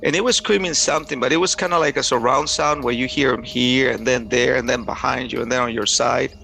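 A man gives intense, earnest first-person testimony, retelling a harrowing experience in vivid detail. His medium-pitched voice is steady yet pushed and bright, fairly quick, with vocal fry, and there is slight background noise.

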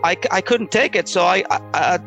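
A middle-aged man tells a personal story in a slightly high voice, earnest and halting, often stopping to restart a sentence. Soft music plays faintly behind him. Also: gravelly, lo-fi sound. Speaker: storyteller sharing a personal testimony.

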